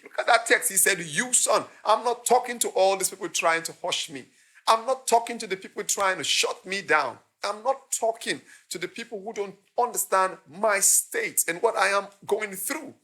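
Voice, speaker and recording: A man's voice: high-pitched, normal speed, pushed and bright. A man preaching a sermon, impassioned, acting out the voices he quotes. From Nigeria. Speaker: pastor.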